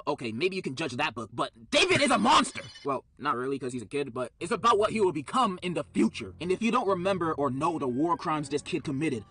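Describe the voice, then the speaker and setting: A man giving a comedic commentary on a children's book, swinging between low deadpan and sudden shouted outrage. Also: quick pace, hardly any pauses, slightly rough, dry recording.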